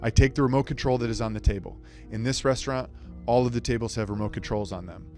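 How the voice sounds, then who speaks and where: This is a man giving an absurd, rambling comic speech, delivered dryly and deadpan. He stumbles and breaks off for quick asides. Faint music plays behind him. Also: mid-range voice. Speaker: speech contestant. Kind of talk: surreal comic monologue.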